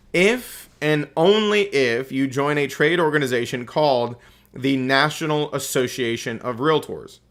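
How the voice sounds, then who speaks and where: A man's voice: a little high, fairly bright tone. A man with a Southern US accent lecturing a class as a real estate instructor, folksy and joking. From Southern United States. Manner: folksy and joking, keeps calling students "folks".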